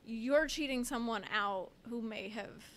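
Higher-voiced woman co-hosting a chatty podcast. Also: unhurried, fairly bright tone, slight background noise. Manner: conversational, hedging, reasons things out step by step. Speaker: podcast co-host. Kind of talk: casual chat.

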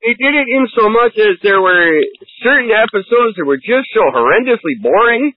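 Animated husky man on a tinny line. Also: high-pitched, moderate pace. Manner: enthusiastic, animated storytelling. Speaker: podcast co-host. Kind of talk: casual chat.

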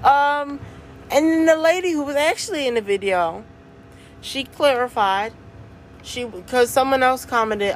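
A young woman hosting her own podcast, chatting casually in a slangy, animated way and laughing often. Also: sits high, measured pace, a little hiss or hum. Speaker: podcast host. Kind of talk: casual solo podcast chat.

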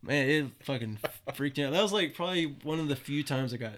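A man's voice: a little high, animated, fast talker, a bit bright. Laid-back young man telling stories. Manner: loose and profane, laughs at his own stories. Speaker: guest. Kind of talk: casual storytelling.

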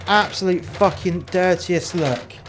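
A man's voice: sits high, measured pace, slight background noise. A man in casual game role-play chat, crude and heavily profane, rambling through stories as he goes. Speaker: player in prison role-play.

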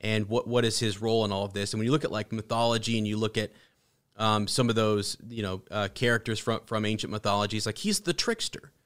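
A man's voice: lowish voice, little pitch movement, fairly bright tone, clean tone. Rambling man discussing a fantasy book. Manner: rambling, halting restarts, laughing asides. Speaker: podcast host. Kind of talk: casual book discussion with read-aloud passages.

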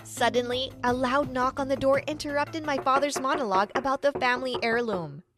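A woman with a high, light voice tells a first-person story at a fairly quick pace, with dramatic storytelling flair. Faint, soft music runs beneath her narration, giving it a steady podcast feel.

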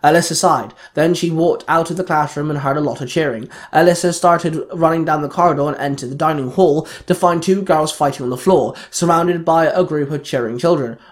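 A man reads fan fiction aloud in a steady, plain narrating voice. His pitch sits slightly higher than most men's, and he keeps an even pace. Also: brisk, hardly any pauses. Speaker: storyteller.

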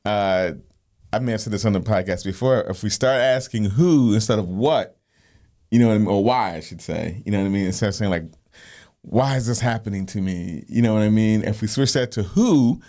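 Male co-host, lowish voice, loose rambling chat about faith. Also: brisk, mellow. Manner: rambling, repeats "you know what I mean". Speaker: podcast co-host. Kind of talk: casual faith discussion.

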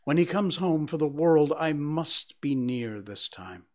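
A man reading aloud, giving a gentle, weary mother of a poor family steady, softly cheerful lines. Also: fairly high pitch, measured pace, pitched above the performer's own voice. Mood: tender.

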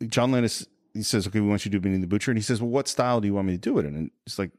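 A man's voice: on the low side, very fast, darkish tone, no echo, clean studio sound. A man co-hosting a podcast, casually retelling film scenes and acting out the quotes. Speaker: podcast co-host.

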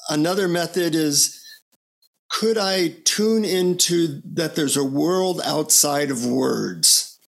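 Gravelly man telling stories on a call. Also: on the high side, slow pace. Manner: animated storyteller, relaxed and upbeat. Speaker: guest. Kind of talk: casual conversational interview. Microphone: video call.

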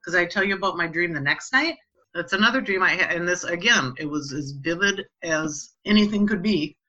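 A woman telling a personal story in a casual, animated way, acting out the voices of the people in it. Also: lowish voice, fairly quick, highs cut off, soft background music.

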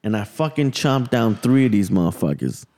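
A man's voice: fairly low pitch, very animated, moderate pace, warm tone. A man, the host of a podcast, telling a long and profane story in casual chat. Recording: long hall reverb.

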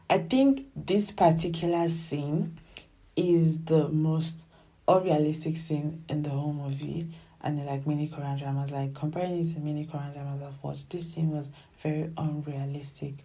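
A woman giving casual, animated commentary as she reviews a television drama. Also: low-pitched, normal speed, husky. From Nigeria. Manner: animated and emphatic, often acts out dialogue.

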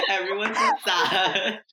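A woman's voice: mid-range voice, wildly swooping pitch, drawn-out words, bright, forceful tone, reverberant. A young woman co-hosting a casual group chat, giggly, with wry asides. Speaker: podcast co-host.

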